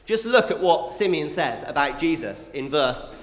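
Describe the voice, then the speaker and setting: A man giving a family Christmas sermon, animated and playful, talking to children with quick asides. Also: on the high side. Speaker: preacher. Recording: echoey hall with long reverb.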